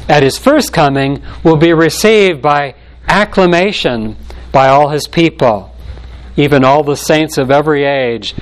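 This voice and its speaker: Emphatic preacher man, slightly high voice. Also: poor audio. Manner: measured, emphatic preaching with slow stressed phrases. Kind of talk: sermon.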